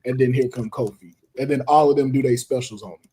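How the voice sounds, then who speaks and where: A man's voice: mid-range voice, steady tone, fast, mellow, husky. A man with a Southern US accent, co-hosting a casual chat and leading the picks. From Southern United States. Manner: laid-back, leads the picks. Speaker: podcast co-host.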